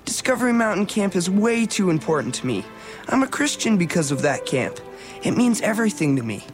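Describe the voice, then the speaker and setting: A woman's voice: mid-range voice, sing-song, fairly quick, over music, natural voice. A woman voicing an earnest, loyal teenage boy in an audio drama. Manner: earnest and encouraging.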